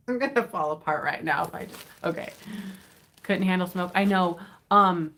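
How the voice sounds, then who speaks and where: A woman talks off the cuff on a live stream, rambling and giddy, breaking into laughs often. She sounds tired, and her voice sits somewhat low for a woman. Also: a bit bright. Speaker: vintage reseller hosting an unboxing. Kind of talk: casual live-stream chat.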